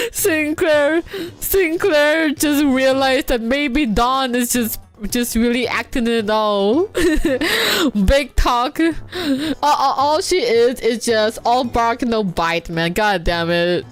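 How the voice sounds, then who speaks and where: A woman streamer giving casual, excitable game commentary, swearing and laughing often. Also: sits high, takes it slowly, soft background music.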